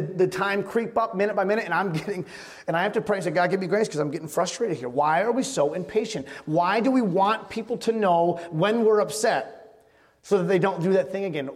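A man's voice: high voice, in a large hall. A man preaching a sermon as a pastor, moving from a told story into emphatic preaching.

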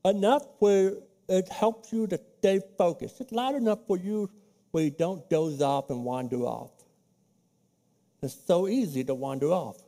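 A male pastor preaches to his congregation in an easygoing, practical manner. His voice sits unusually high for a man. He drops into hushed tones when he acts out his own prayers. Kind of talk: sermon. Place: church sanctuary.

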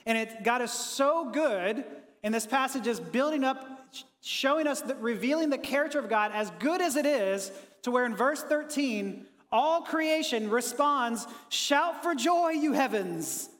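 High-voiced man preaching in a reverberant hall. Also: normal speed. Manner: conversational, energetic preaching, talks with the congregation. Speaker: pastor. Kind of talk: sermon. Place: church sanctuary with a congregation.

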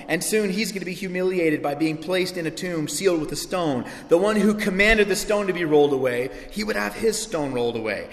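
Guy preaching a sermon, kinda high voice, acts stuff out, jokes on himself, big echoey church. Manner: animated, acts out short bits of dialogue, self-mocking asides. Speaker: pastor.

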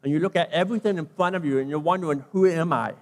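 A British pastor with a high-pitched voice preaches emphatically, repeating his key phrases and stretching words to drive them home. His voice rings with a long reverb through a large hall. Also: racing. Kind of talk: sermon.

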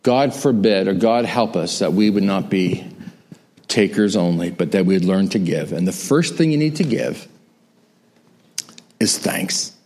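A middle-aged man preaching with an emphatic, repetitive cadence. His voice sits on the low side. He moves from sermon into prayer. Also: lively intonation, measured pace, darkish tone. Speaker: pastor.

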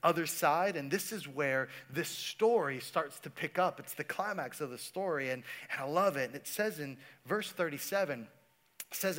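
High-voiced, bright male preacher. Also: normal speed. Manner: casual, storytelling, talks to the congregation. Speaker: pastor. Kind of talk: sermon.

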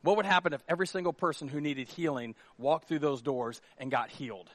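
Animated, jokey high-voiced pastor. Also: male voice, brisk. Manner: animated, jokey storytelling with acted asides. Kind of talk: sermon.

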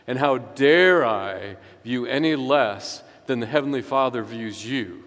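A man delivering a sermon at an everyday pitch, earnest and emphatic, leaning on key phrases and slowing to let them land. His voice carries through a long hall reverb. It sounds like a pastor speaking in a church. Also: a bit bright. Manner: earnest, emphatic preaching with slow stressed phrases.

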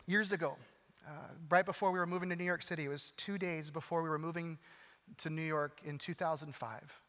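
Middle-aged male pastor, earnest storyteller, slightly high voice, big hall reverb. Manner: earnest storytelling, swings from urgent to hushed. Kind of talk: sermon with personal story.

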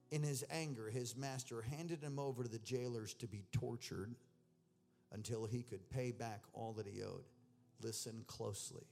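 A man preaching a sermon, animated, moving between loud emphatic reading and low, intense asides, with casual slang mixed in. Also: normal speed, faint music behind. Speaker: pastor.

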